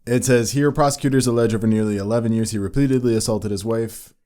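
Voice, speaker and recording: A man's voice: mid-range voice, fairly even intonation, quick pace, dark tone, a little hiss or hum. A man co-hosting a casual chat show, reading news items aloud in a laid-back way. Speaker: co-host.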